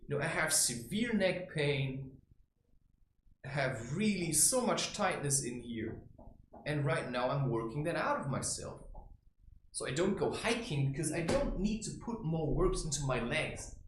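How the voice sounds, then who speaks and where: A blunt, profane man rambles through a spiritual monologue in a fairly high voice that swoops up and down. His talk is heard in an echoey room with faint ambient noise behind him. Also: expressive, unhurried. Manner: blunt and profane, with frequent "right?" and "you know". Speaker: creator sharing spiritual advice. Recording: roomy echo with faint ambience.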